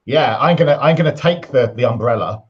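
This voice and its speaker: A man's voice: medium pitch, brisk, dull audio. A man playing a tabletop game, talking in a laid-back way. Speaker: player. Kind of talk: casual tabletop game play.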